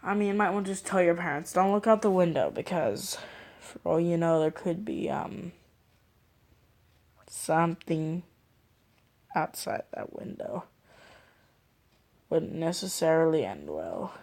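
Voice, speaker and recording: A woman's voice: deep voice, lively intonation, a little slow, vocal fry, pauses often, a little mellow. A woman hosting a reaction video, rambling and thinking aloud with lots of fillers. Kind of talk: casual reaction commentary.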